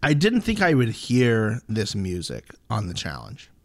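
Lively, animated man podcasting. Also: fairly low pitch, measured pace, gravelly. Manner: animated, joking, swearing. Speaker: podcast co-host. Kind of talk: casual chat.

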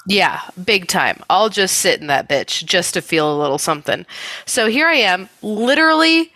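Bright-toned woman, dry close sound. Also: medium pitch, moderate pace, dry recording. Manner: swears a lot, laughs heartily, animated retelling. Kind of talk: casual comedic chat.

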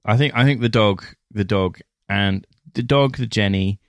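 A man's voice: fairly low pitch, moderate pace, no echo, clean studio sound. A man co-hosting a casual film podcast, teasing his partner with laughs and sweary reactions. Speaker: podcast co-host. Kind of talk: casual film review chat.

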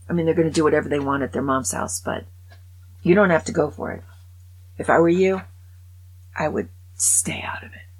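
An older woman hosting a talk show, giving wry, indignant opinions and dropping into breathy whispered asides. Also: fairly low pitch, rough recording. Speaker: podcast host. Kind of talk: opinionated casual monologue.

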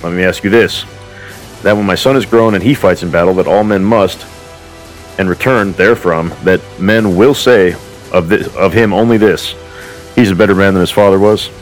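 A man reading as a deep-voiced, boastful warrior prince who speaks in lofty, formal phrases and then drops in crude insults. He sounds close to a plain reading voice, with faint music underneath. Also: moderate pace, lightly acted. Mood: solemn. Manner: grandly formal speech broken by crude swearing.

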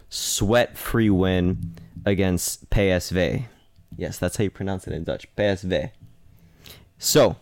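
A man's voice: on the low side, a little mellow, no echo, clean studio sound. A man co-hosting a sports podcast in casual chat, talkative and playful, often correcting himself mid-sentence. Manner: chatty, self-correcting, playful. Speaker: podcast co-host.

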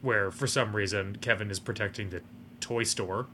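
A man co-hosts a podcast, casually reviewing a movie in an analytical, hedging way with sardonic asides. His voice is on the low side, pushed and bright, with a steady tone at a moderate pace and a little hiss or hum in the recording.

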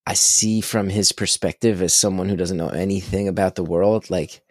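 Animated, low-voiced man telling stories. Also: moderate pace, no echo, studio quality. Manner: animated, excitable storyteller, swears freely. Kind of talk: casual conversation.

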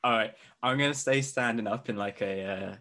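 A man's voice: fairly low pitch, brisk, sharp tone. A man playing a tabletop role-playing game, chatting with the game master and laughing often. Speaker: player. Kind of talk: casual tabletop game play.

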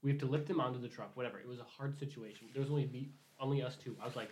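A man's voice: medium pitch, fairly even intonation, rapid-fire. A young man telling a long work story in casual chat, rambling, swearing a lot and acting out both sides of the argument. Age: young adult. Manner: rambling storytelling, heavy swearing, acts out quotes.

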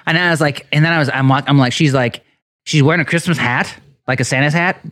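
A man tells animated anecdotes at a quick clip, swearing freely. His voice is close and dry, with no room sound. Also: on the high side, dry recording. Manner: fast, profane, animated anecdotes. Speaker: podcast co-host. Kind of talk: casual chat.

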